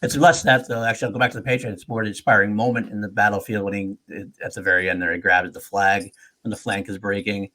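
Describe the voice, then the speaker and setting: A man co-hosting a podcast, chatting casually about movies, gushing and often dropping into hushed, whispered asides. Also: on the low side, fairly even intonation, quick pace. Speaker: podcast co-host. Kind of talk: casual film-discussion chat.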